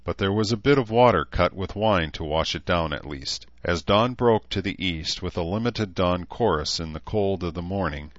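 A man narrating a story in a steady, even reading voice. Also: sits low, moderate pace, hardly any pauses, no room sound, highs cut off. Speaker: audiobook narrator. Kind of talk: scripted narration.

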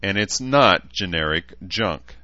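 A man's voice: low-pitched, lively intonation, slow pace, pushed and bright, dry recording, dull audio, pitched above the performer's own voice, exaggerated voice. A man voicing a sulky, defiant teenage girl who talks back hotly.

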